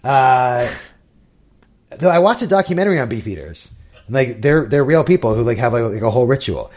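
A man co-hosting a podcast in easygoing chat. His voice sits at an ordinary middle pitch. He repeats words while he thinks and breaks into laughs as he talks. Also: lively intonation, fairly quick, darkish tone. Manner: rambling, laughs often, repeats himself. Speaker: podcast co-host. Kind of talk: casual chat.

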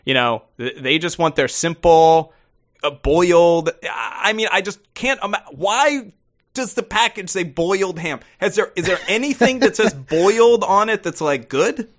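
A man co-hosting a podcast in casual chat, rambling with many halting restarts. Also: sits high, lively intonation. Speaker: podcast co-host.

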